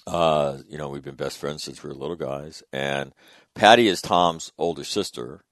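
Middle-aged male radio host, low voice, dry booth sound; wry, rambling storyteller. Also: normal speed, dry recording. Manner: rambling, chatty anecdote with wry asides. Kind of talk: casual on-air storytelling.

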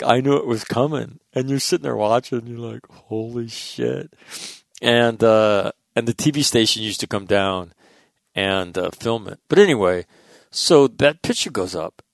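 A middle-aged man hosting, telling stories in a rambling, animated way with lots of restarts and casual swearing. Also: mid-range voice, creaky, no echo. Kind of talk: casual storytelling monologue.

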